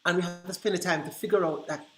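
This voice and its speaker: Man, workshop presenter, lively storyteller, acts out dialogue, echoey room. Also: high-pitched, quick pace, slight background noise. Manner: animated, acts out quoted dialogue. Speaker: workshop presenter for early childhood teachers. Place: conference room. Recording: roomy echo.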